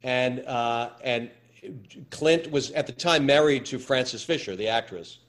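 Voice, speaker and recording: A man, an actor being interviewed, telling stories in a halting way with many repeated words. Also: mid-range voice. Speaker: actor guest. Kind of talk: anecdotal interview chat.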